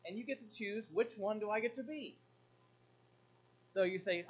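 A middle-aged man preaching a sermon to a congregation, speaking animatedly and moving from emphatic, loud points to quiet, low asides. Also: moderate pace, pauses often. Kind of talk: sermon with audience interaction. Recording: muffled lo-fi with faint hum.

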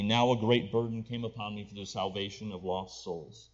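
A man's voice: steady tone, a little fast, few pauses. Impassioned male preacher, lo-fi sound. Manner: builds to loud, impassioned pleading, then drops low and quiet. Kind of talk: sermon.

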